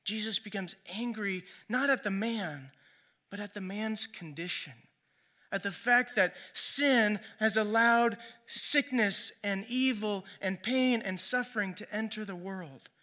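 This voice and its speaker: A man's voice: sits high, unhurried, sharp tone. A man preaching a sermon in a conversational storytelling way, often checking in with "right?". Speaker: pastor.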